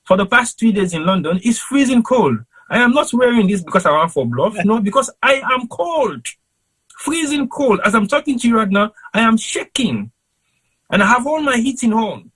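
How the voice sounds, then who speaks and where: A man's voice: extremely high pitch, very animated, normal speed, fairly bright tone, slightly rough, poor audio. A Sierra Leonean man with a Krio accent, a panelist on a call-in show, speaking in an emphatic, rhetorical, preaching way. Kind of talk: impassioned panel commentary. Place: cold home in London.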